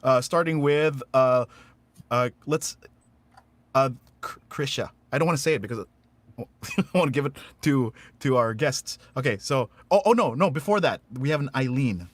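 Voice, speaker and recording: A man's voice: mid-range voice, lively intonation, moderate pace, dry recording. A man hosting a casual live radio-style show, rambling and hesitant, laughing often.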